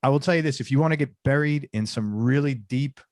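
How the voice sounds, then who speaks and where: A man hosting an interview show, chatty and loose, stopping for asides and restarts. His voice sits in a middle pitch. The sound is dry and close, with no room echo. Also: fast talker, a little mellow. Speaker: podcast host. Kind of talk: casual interview chat.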